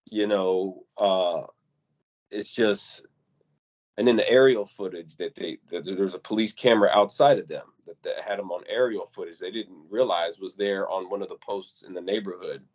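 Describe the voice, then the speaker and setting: Man, low voice, animated casual podcast talk, acts out quotes, slightly dull lo-fi sound. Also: moderate pace. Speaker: podcast co-host.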